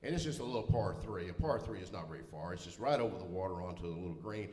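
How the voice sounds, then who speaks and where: A man's voice: low voice, animated, fast, darkish tone. A middle-aged man preaching a humorous sermon in a church, telling self-deprecating personal stories in a folksy manner. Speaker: pastor. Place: church sanctuary. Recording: roomy church hall reverb.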